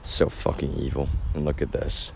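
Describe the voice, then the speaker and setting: A man's voice: rumbling low, monotone, normal speed, gravelly, a little hiss or hum. A man livestreaming, ranting in a rambling, agitated and profane way, calling his viewers y'all. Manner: frequent fillers and restarts, bitter laughs. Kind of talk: casual live-stream rant.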